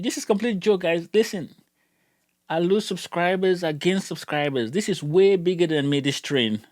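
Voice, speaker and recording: A man's voice: fairly high pitch, moderate pace, no echo, studio quality. A middle-aged man venting in a casual vlog, rambling, heated, and repeating words as he gets worked up. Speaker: gun channel YouTuber.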